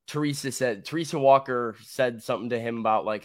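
A man co-hosting a sports radio morning show, giving his opinions in relaxed casual chat. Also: mid-range voice, fairly quick, dry recording, studio quality. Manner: opinionated, conversational with fillers.

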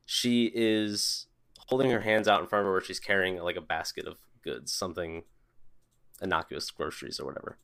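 A man narrating a tabletop game as game master, relaxed and descriptive with some fillers. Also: low voice, normal speed, gravelly.

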